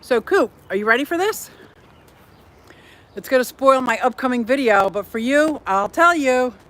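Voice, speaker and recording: A woman's voice: fairly high pitch, expressive, moderate pace, a bit bright. Chatty woman vlogging her fish room. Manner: chatty, giggly, talks to her pets and viewers. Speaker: fish keeping channel host. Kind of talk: casual home tour vlog. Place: walking around a house and front yard.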